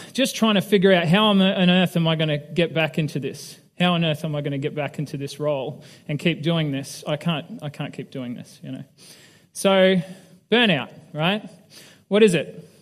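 Candid pastor with a fairly high voice. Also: male voice. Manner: candid, self-deprecating, asks the audience questions. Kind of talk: conversational sermon with personal story. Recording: long reverb of a large hall.

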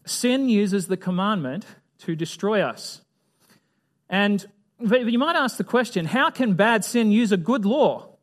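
A man's voice: sits high, lively intonation, a little slow. A man teaching a Bible lesson in a chatty way, asking his listeners questions and acting out little scenes. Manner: chatty, asks the audience questions, acts out voices. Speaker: preacher.

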